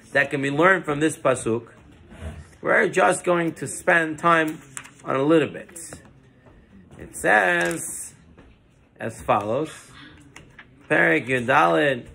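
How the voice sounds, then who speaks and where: A rabbi delivering a lesson in a high, lively voice that climbs and dips as he tells his stories. His tone is bright and a little husky, and Hebrew terms run through his English. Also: takes it slowly, pauses often, a little hiss or hum. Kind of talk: Torah lesson with storytelling.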